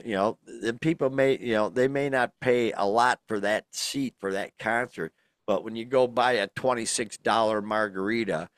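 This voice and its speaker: A man's voice: lowish voice, dry recording, studio quality. A middle-aged man, co-hosting a casual podcast and rambling through lots of fillers and restarts. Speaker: podcast co-host. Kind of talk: casual chat.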